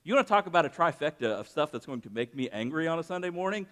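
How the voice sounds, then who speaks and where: Guy preaching, kinda high voice, chatty sermon w/ stories, gets loud on the big points. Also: sing-song, fast talker. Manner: conversational preaching with personal anecdotes, rising for emphasis. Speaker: pastor.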